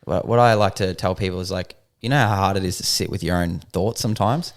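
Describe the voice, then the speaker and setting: A man's voice: sits low, fairly quick. A man co-hosting a podcast in casual chat, laid-back, swearing freely and using lots of fillers. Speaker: podcast co-host.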